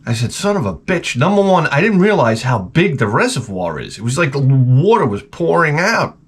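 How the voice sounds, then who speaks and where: A man's voice: mid-range voice, sing-song, moderate pace, breathy edge. A hungover man vlogging in a rambling, profane comedic monologue. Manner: rambling, profane, crude humor.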